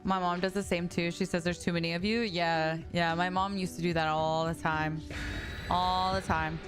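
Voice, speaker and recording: A woman's voice: fairly low pitch, flat delivery, normal speed. A young woman live streaming as she plays a game, chatting casually with her viewers, swearing and laughing often. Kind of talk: casual live-stream chat while gaming. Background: music.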